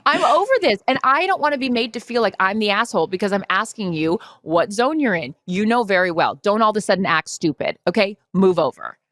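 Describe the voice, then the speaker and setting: A woman's voice: mid-range voice, lively intonation, a little fast, hardly any pauses, a bit bright, no echo, clean studio sound. A middle-aged woman co-hosting a podcast, chatting casually in a brash, emphatic, profane way. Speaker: podcast co-host. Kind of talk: casual chat.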